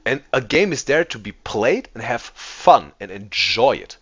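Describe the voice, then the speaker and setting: A man's voice: medium pitch, big pitch swings, unhurried, a bit bright, breathy edge. Male host, casual reaction commentary, stammers and restarts a lot, dull lo-fi recording. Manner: repeats and restarts words often.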